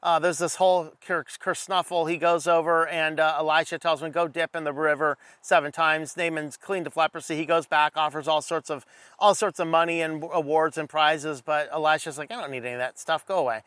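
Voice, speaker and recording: A high-voiced man gives a loose, animated Bible teaching and cracks jokes as he goes. He reads scripture aloud and slips into voices for the people in the stories. The sound is close and dry, with no room around it. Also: normal speed, no room sound. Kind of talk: casual Bible study talk.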